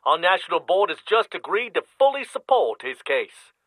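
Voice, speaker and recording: Measured office official, crisp bright tone, dry close sound, man voicing him. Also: high voice, very animated, dry recording, voice pushed up, heavily acted, rough recording. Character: formal middle-aged male civil liberties official.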